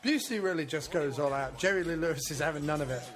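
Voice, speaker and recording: High-voiced man riffing crudely on a film. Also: fast talker, over music. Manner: crude, playful, jumps into silly voices. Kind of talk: riffing commentary over a film.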